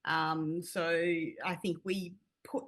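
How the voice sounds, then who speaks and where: A woman's voice: lowish voice, level tone, takes it slowly, a bit bright. A woman co-hosting a podcast, explaining things at length with plenty of ums and little self-deprecating laughs. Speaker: podcast co-host. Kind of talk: casual explanation.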